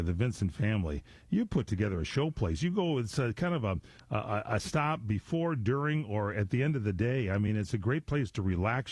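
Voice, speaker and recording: A man's voice: fairly low pitch, darkish tone, no room sound. A man hosting a local radio interview, talking in a chatty, rambling way with lots of restarts. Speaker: radio show host.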